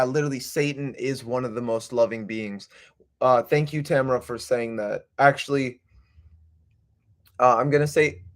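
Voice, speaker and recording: A young man hosting a livestream, rambling casually with swearing and slang. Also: mid-range voice. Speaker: livestream host.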